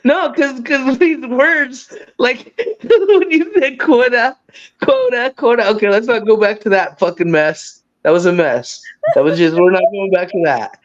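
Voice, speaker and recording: A man with a high voice hosts a casual livestream, teasing his guests and swearing freely as he laughs through the banter. The sound is dull and lo-fi, like compressed stream audio. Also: expressive, normal speed. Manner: teasing, profane, laughs often. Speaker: livestream host.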